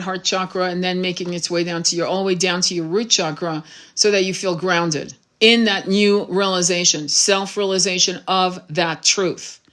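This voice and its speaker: A woman's voice: medium pitch, fairly bright tone. Frank, swearing woman tarot reader. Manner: frank, swears freely, laughs often. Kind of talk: casual livestream monologue.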